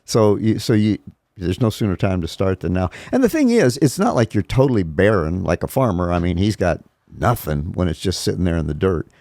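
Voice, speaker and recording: A man's voice: sits low, sing-song, brisk, darkish tone, dry recording, clean studio sound. An older man co-hosting a casual conversation, laid-back and affirming, often chiming in with agreement. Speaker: podcast co-host.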